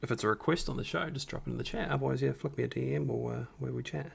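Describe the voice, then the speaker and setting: A man hosting a live stream with a rough morning voice, casually talking viewers through a Photoshop edit step by step. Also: medium pitch, very fast. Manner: talks the viewers through each step, upbeat and encouraging. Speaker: stream host doing a Photoshop tutorial.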